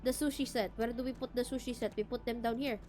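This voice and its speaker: A young woman from the Philippines streaming a game, chatting casually in a deliberately cute, girlish voice. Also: fairly high pitch, fairly even intonation, a little mellow, soft background music. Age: young adult. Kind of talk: casual gameplay chat.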